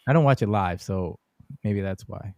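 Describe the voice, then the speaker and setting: A man's voice: sits low, moderate pace, darkish tone, no room sound, studio quality. Chatty man reading listener comments. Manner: reads listener comments aloud, chatty and wry. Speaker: co-host. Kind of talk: casual podcast chat.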